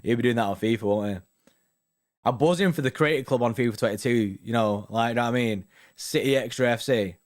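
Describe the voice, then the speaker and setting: A man's voice: mid-range voice, fairly quick. Young man, casual stream host, rambling, chatty. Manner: chatty, rambling, fills with "do you know what I mean". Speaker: host reading viewer comments. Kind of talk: casual live-stream chat.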